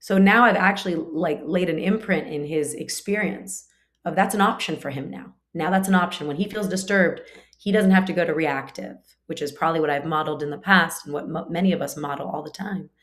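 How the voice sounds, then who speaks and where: A woman with a low voice speaks fairly quickly as she teaches a spiritual class conversationally. Her talk is full of fillers and restarts, and now and then she acts out short quoted lines.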